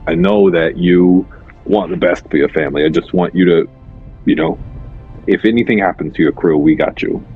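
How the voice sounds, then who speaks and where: A man playing in a tabletop game, talking in character in a measured, reassuring way. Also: low-pitched, very animated, vocal fry, breathy edge, faint music behind. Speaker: player. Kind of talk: in-character tabletop role-play. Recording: phone-like line.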